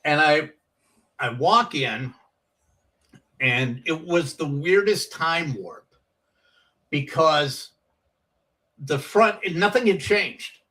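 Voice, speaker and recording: A comedian telling animated stories from his years on the comedy circuit, acting out the voices of people in them. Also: fairly high pitch, very slow, long pauses, distant mic, poor audio. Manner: animated storyteller, acts out quoted voices. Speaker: comedian guest. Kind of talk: casual storytelling.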